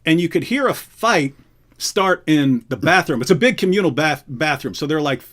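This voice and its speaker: Middle-aged guy on a livestream, bright higher voice, animated storyteller who acts out what people said. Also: normal speed. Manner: animated, acts out quotes, laughs often. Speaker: host.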